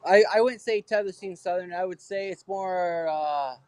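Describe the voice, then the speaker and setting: A man's voice: high-pitched, moderate pace, darkish tone, smooth, no room sound. A man hosting a casual livestream, agreeable and hesitant, often repeating his words. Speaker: livestream host.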